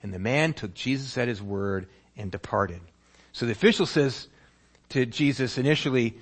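A man's voice: mid-range voice, normal speed, breathy edge. A male pastor preaching a sermon, telling a story vividly and acting out its scenes. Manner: animated storytelling, acts out scenes.

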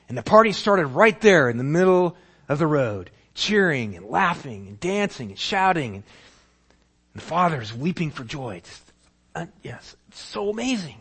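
A male pastor with a fairly high, husky voice preaches a sermon, telling a story vividly and acting out its scenes in an animated way.

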